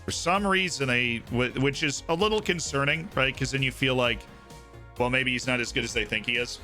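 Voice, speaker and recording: A man's voice: medium pitch, brisk, bright, forceful tone, soft background music. A man streaming a football management game, chatting casually and cheering his team on. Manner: chatty, hypes his team, thinks aloud. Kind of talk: casual gameplay commentary.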